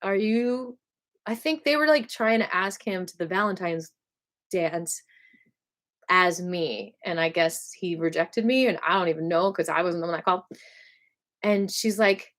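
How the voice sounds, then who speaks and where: A woman singer telling rambling school stories on a casual live stream, animated and full of asides. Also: on the low side, unhurried. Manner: dramatic bursts when quoting herself.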